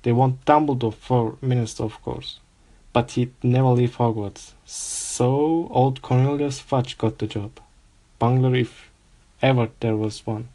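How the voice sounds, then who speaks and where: Hagrid from a storybook reading, a big gruff friendly giant talking plain and hearty, done by a man reading aloud in a middle-pitched voice. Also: steady tone, unhurried, mellow.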